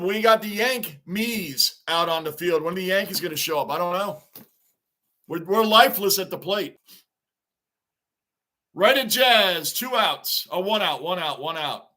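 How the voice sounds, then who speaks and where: Guy with a high voice doing a live baseball reaction stream, chatty, reading off viewer comments. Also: bright, forceful tone. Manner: chatty, reads viewer comments aloud, frustrated fan.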